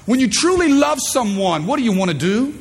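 Preacher man in his thirties, high-pitched, emphatic, drawing in the congregation; stage recording with long hall reverb. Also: big pitch swings, a little fast, breathy edge. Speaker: pastor. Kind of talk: sermon. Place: church stage.

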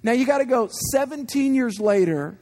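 A man in his forties preaching a sermon, telling animated personal stories and asking the congregation questions. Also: extremely high pitch, moderate pace. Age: 40s. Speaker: guest preacher.

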